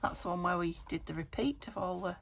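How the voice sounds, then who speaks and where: A woman from the UK, a craft vlogger, chatting casually to camera and thinking aloud as she works, with soft half-whispered asides. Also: lowish voice, fast, creaky, slight background noise. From United Kingdom.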